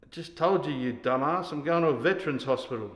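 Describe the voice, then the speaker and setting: An actor playing a drunk, bullying older army sergeant who barks insults and orders. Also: male voice, on the high side, quick pace, natural voice. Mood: commanding. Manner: barking, insulting, commanding. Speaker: actor in a scene. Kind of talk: stage scene acting. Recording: echoey hall.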